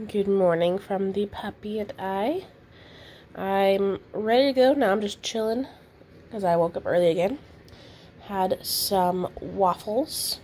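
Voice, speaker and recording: A woman's voice: on the low side, a little hiss or hum. Chatty young woman, slightly stuffy nose. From California. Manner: chatty, rambling, self-deprecating, laughs at herself. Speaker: vlogger. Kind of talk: casual vlog chat to camera. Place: at home.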